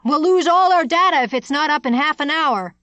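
A woman voicing a brash, blustering male weapons engineer who talks loud and gruff and is quick to shout, in an audiobook. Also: very high-pitched, no echo, muffled recording. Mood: roaring. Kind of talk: audiobook character voice.

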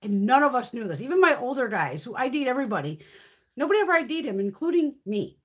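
Woman chatting on her livestream, high husky voice, swears a lot, laughs a lot. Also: big pitch swings, quick pace. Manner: blunt, heavily profane storyteller; laughs often while talking. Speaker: livestream host. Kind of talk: casual live-stream chat.

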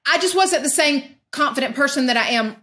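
A woman guest in a casual chat, speaking gently and reflectively with slight hesitation. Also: high voice, expressive, brisk. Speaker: guest, longtime friend.

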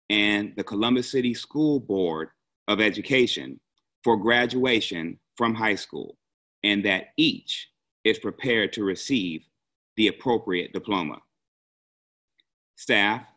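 A man's voice: lowish voice, pushed and bright. A school administrator, a man, formally certifying the graduating class at a ceremony. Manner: formal, measured.

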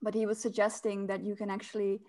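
A woman's voice: medium pitch, completely flat delivery, quick pace, dark tone. Chatty woman hosting a talk. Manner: chatty, laughs often, many restarts. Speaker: host. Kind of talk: casual chat giving tips.

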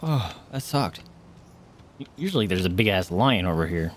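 Excitable male streamer with a lively voice. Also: sits low, moderate pace, a little hiss or hum. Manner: excitable, yelps and swears at enemies; chatty, thanks viewers by name. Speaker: livestreamer. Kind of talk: live gameplay commentary.

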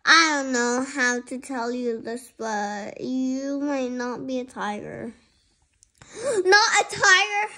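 A young reader voicing a tiger who is frank and gently teasing, speaking in a dry, matter-of-fact way during a storybook read-aloud. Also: mid-range voice, steady tone, slow pace.

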